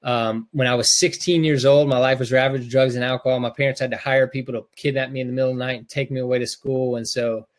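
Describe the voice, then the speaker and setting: A middle-aged man from North Carolina chats on a podcast in a mid-range voice. He is openly emotional and rambles, stumbling over restarts and fillers as he tells his story. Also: medium pitch. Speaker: podcast co-host, parent. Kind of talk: casual podcast chat.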